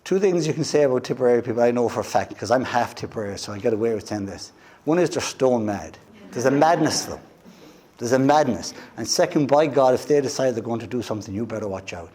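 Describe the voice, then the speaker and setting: An Irish man giving a motivational talk as a guest speaker, telling a personal story in an animated way and acting out the voices of the people in it. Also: medium pitch, fast talker, husky. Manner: animated storyteller who acts out quoted voices. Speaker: guest speaker at a wellness event.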